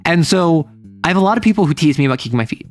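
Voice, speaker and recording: A man chatting casually on a livestream, rambling and stammering through restarts, animated and quick to laugh. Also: on the high side, soft background music. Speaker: streamer.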